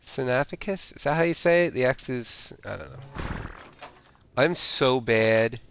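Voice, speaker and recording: A man's voice: mid-range voice, a little slow, vocal fry, a bit bright, a little hiss or hum. A man streaming a survival game, casually thinking aloud with lots of fillers and restarts. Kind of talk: casual gameplay commentary.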